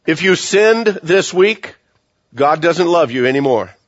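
A man preaching a sermon as pastor, earnest and repetitive, often dropping his voice to a hush for emphasis. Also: on the high side, lively intonation, measured pace, no room sound. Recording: dull, lo-fi sound.

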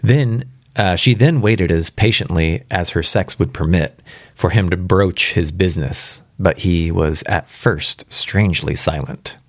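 A man's voice: low voice, measured pace, no echo, clean studio sound. A man reading a classic story aloud on his first read-through, casually stopping to comment on the text. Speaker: story reader. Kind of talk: live first-time reading with asides.

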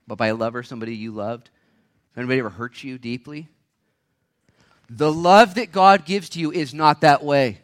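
Male pastor with a high voice, preaching with fire, drops to a hush then erupts. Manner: impassioned, swinging from hushed to shouting; rapid-fire rhetorical questions. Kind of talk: sermon. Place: church service.

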